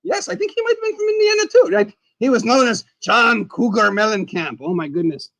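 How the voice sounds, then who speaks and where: A man hosting a casual live stream, chatting while he eats. He is excitable, exclaims often and calls himself the dead skeleton in the third person. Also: high voice, a little fast, gravelly, no echo.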